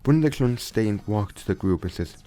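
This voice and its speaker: A man's voice: fairly low pitch, lively intonation, fairly quick, warm tone, soft background music. A young man casually retelling a fan story, rambling with frequent restarts and self-corrections.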